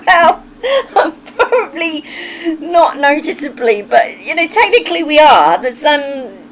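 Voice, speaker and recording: An English woman hosts a livestream, reading the live chat and talking casually with her viewers, laughing often and wandering off on tangents. Her high-pitched voice swings widely, she speaks slowly, and the audio is poor.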